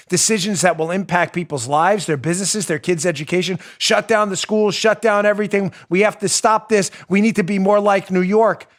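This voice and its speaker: A man's voice: high voice, fairly bright tone. A man hosting a political talk show, delivering a heated, emphatic monologue, repeating points for stress and dropping into sarcasm.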